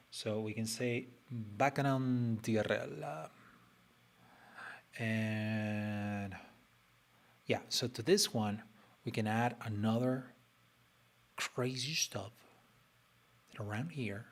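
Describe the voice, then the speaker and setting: A man streaming his design work, chatting casually and playfully as he thinks aloud and talks to his screen. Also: medium pitch. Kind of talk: casual live design commentary.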